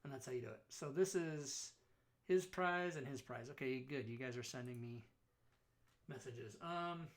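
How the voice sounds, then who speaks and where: A man's voice: mid-range voice, normal speed. A man hosting a casual livestream talk show, chatting loosely with his viewers, running raffles and rambling between jokes. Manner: loose, rambling, joking with chat.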